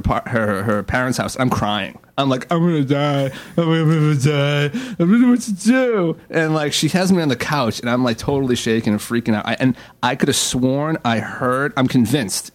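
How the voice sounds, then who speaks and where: A man's voice: mid-range voice, normal speed, few pauses. Rambling young man telling a story. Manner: rambling storyteller, many "like" fillers. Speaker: co-host. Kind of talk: casual comedy radio chat.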